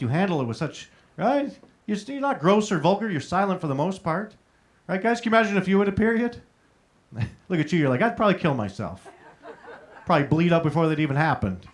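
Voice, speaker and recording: A male stand-up comic with a slightly high voice works a showroom crowd. He talks in a crude, chatty way, throwing questions at the audience. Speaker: stand-up comedian. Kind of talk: stand-up comedy set. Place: comedy showroom stage. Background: audience laughter.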